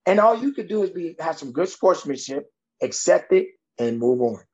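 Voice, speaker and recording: A coach with a high, lively voice that swings widely as he talks. He is blunt and emphatic, with a tough-love manner. The sound is dull and lo-fi. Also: moderate pace. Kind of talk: podcast conversation.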